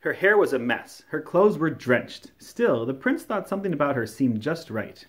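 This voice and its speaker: A man reading a classic children's story aloud, telling it in a warm, expressive storytelling manner. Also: fairly high pitch, moderate pace. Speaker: storybook reader.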